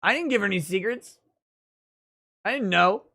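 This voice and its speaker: A man's voice: sits high, expressive, normal speed, gravelly, bright, forceful tone. A man hosting a casual livestream show, reading viewer messages aloud with crude jokes and frequent repeated words. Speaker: livestream talk show host.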